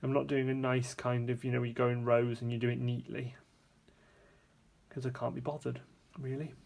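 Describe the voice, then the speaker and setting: A man with a gravelly, fry-edged voice at a middle pitch talks through a painting demonstration at his table. He is relaxed and chatty, thinks out loud, and corrects his own wording mid-sentence. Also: normal speed, slight background noise. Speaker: art supplies reviewer demonstrating paints. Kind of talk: casual hands-on painting tutorial.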